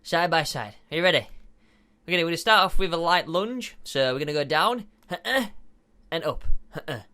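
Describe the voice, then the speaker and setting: Young man, gaming commentary, high bright voice, bubbly and giggly, lots of fillers. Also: lively intonation, fairly quick. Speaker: gaming video host. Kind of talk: casual gameplay commentary.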